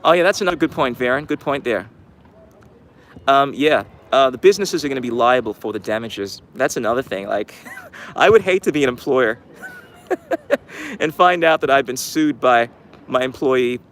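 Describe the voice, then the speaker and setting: A man's voice: mid-range voice, a little hiss or hum. Sarcastic man rambling. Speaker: channel host. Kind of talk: casual commentary livestream.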